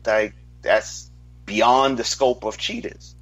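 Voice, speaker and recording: A man with a husky voice makes his case in a heated sports debate, firm and emphatic. The recording is dull and lo-fi, with a dry sound. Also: mid-range voice, steady tone, no echo. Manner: emphatic, deliberate, argumentative.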